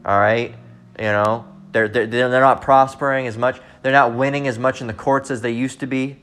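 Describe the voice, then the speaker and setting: A man's voice: medium pitch, steady tone, normal speed, fairly bright tone. A man preaching in a loose, rambling way, constantly saying "all right" and speaking bluntly with profanity. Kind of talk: informal religious teaching monologue.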